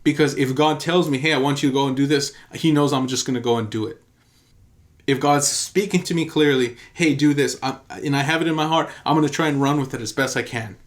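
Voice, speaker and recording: A man's voice: medium pitch, brisk. A man, a pastor, teaching in an earnest and emphatic sermon style, telling a story and repeating key phrases for emphasis.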